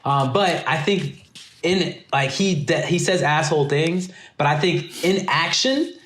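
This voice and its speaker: A man co-hosting a casual podcast from home, animated and acting out characters' lines as he retells the story. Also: on the high side, measured pace, roomy sound. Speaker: podcast co-host.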